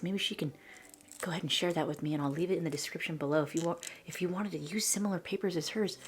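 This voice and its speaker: A woman hosting a crafting vlog, gushing over a scrapbook and often dropping into a breathy whisper. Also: fairly low pitch, quick pace. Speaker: scrapbooking channel host. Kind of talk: flip-through show-and-tell vlog.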